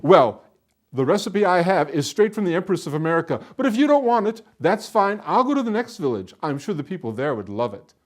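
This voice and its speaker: Brief: man voicing a wily war veteran, lively pitch, coaxing storybook charm. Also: brisk. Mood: showman. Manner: pleading, then grand and persuasive. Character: hungry, polite, crafty male soldier home from war.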